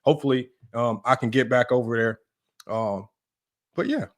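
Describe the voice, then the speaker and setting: The host of a livestream sports talk show, this man has a mid-range voice and talks at normal speed. He makes his case emphatically and repetitively, with frequent "right?" and "y'all."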